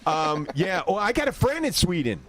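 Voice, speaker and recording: A man's voice: sits high, very animated, normal speed, fairly bright tone. Rambling man telling bar stories. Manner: rambling, storytelling with restarts. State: getting over a cold. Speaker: podcast host. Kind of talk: casual bar chat. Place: outdoor bar.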